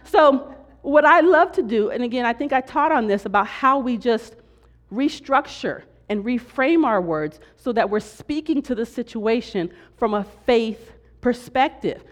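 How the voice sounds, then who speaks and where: A woman's voice: on the high side, lively intonation, a little slow. A woman preaching and teaching a church class from slides. She acts out complaining voices and checks in with "right?" and "okay?".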